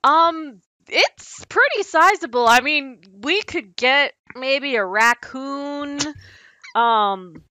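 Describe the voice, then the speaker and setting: A woman's voice: sits high, expressive, takes it slowly, sharp tone, no room sound, poor audio. A woman co-hosting a podcast in bawdy casual chat, playful and laughing often. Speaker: podcast co-host.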